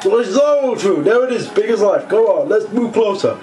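A wonderstruck explorer gushes in a breathless rush, as a man puts on a very high voice. He sounds set back from the mic in an echoey space. Game music plays faintly. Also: lively intonation, normal speed, dark tone, distant mic. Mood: awestruck.

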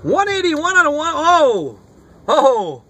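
A man opening sports card mail in his car, talking in an excitable, profane, hollering way. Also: very high voice, slow pace. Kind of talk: casual card-opening vlog. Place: inside a car. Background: rock music playing faintly.

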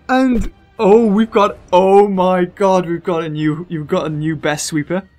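A British man giving excitable gameplay commentary as a gaming video host, gushing and laughing between lines. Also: high-pitched, unhurried, hardly any pauses, faint music behind.

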